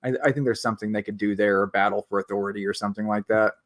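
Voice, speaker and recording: A man's voice: lowish voice, fairly even intonation, rapid-fire, a bit bright. Man co-hosting a casual wrestling podcast. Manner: chatty, trailing off and restarting. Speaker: podcast co-host. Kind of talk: casual chat.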